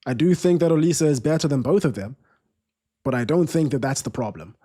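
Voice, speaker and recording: Brief: male streamer with a slightly high voice, casual football commentary, lots of restarts. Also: expressive, brisk, mellow, breathy edge. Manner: chatty, restarts sentences, reads viewer comments aloud. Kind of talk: live stream commentary and chat.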